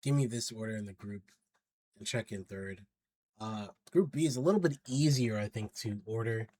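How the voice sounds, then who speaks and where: A football pundit vlogger, male, with a lowish, slightly mellow voice and no echo, speaks at a moderate pace. In a chatty, slangy style he runs through his football predictions, talking up teams and hedging his picks along the way.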